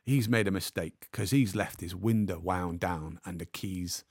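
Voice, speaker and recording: A man telling a comic anecdote as a podcast guest, acting out the people in his story with lively energy. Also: low voice, unhurried, husky, no echo, clean studio sound. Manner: animated storyteller, acts out the other people in the story.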